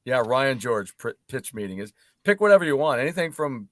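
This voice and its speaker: A man's voice: medium pitch, sing-song, a little fast, no room sound. Eager middle-aged man in a dry booth. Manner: enthusiastic, pushes recommendations. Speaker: podcast co-host. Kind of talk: casual chat.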